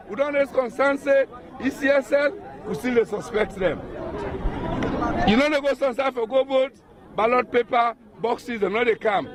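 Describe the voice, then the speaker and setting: A man with a Krio-influenced Sierra Leonean accent, a presidential candidate speaking insistently and repetitively in an impromptu outdoor interview. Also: sits high. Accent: Sierra Leonean Krio-influenced English. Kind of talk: impromptu election-day interview. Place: outdoors in a town. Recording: outdoor crowd noise.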